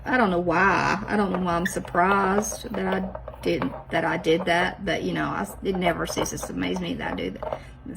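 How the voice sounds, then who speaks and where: Gravelly woman chatting while crafting. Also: on the low side, animated, moderate pace, very noisy. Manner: chatty, self-teasing, talks straight to viewers. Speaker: nail art vlogger. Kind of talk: casual chat while doing nails.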